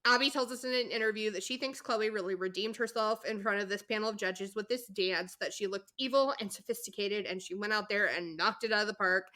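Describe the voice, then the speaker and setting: A woman with a bright, clear tone talks through a TV episode for her podcast. Her chat is casual and candid, often exasperated, with the odd swear word and laugh, and her pitch sits in an average range. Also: brisk, few pauses. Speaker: podcast co-host recapping episodes.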